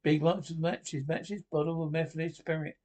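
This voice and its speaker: An actor playing a coarse, cheeky Scottish pensioner in a TV sitcom, with gruff, sweary banter. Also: male voice, fairly high pitch, level tone, moderate pace, darkish tone, lightly acted, low-quality recording. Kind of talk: TV sitcom acting.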